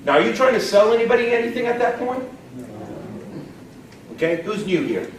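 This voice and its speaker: A man's voice: extremely high pitch, expressive, fairly quick, slight background noise. A man leading a live sales training, folksy and emphatic, often quizzing the audience. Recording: echoey room, distant mic.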